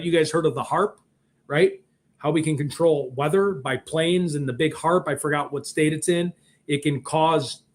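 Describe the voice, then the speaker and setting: A middle-aged man with a Chicago accent, rambling and joking in a casual livestream chat as host. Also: fairly high pitch. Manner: rambling, animated, joking asides. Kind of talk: casual live-stream chat.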